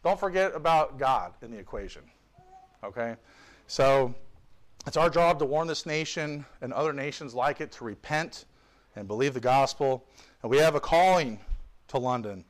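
A man's voice: mid-range voice, lively intonation, moderate pace. A man preaching a sermon with fervor, reading scripture and adding joking asides. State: tired. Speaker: visiting pastor.

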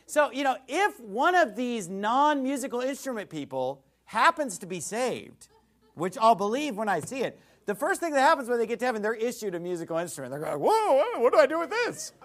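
A male pastor preaching with fire and scorn, his voice pitched high and swinging widely up and down. He hammers points home with emphatic repetition. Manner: fiery, mocking and emphatic preaching. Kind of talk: sermon.

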